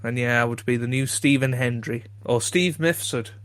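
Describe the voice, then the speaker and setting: A man co-hosting a comedy podcast in a loose, casual chat. His voice sits at an ordinary middle pitch and is recorded dry and close. He is self-deprecating and laughs a lot, tripping over his words as he restarts. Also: normal speed, no room sound. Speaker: podcast co-host.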